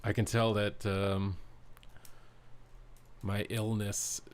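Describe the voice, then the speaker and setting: Young male streamer, fairly low voice, reactive slangy play-by-play. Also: level tone, very slow, a little hiss or hum. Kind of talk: live gameplay commentary.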